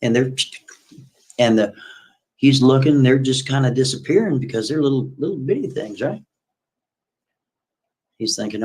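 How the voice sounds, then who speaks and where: A man's voice: mid-range voice, moderate pace, long pauses, breathy edge. A man casually retelling a story on a live stream, rambling and folksy, with lots of asides.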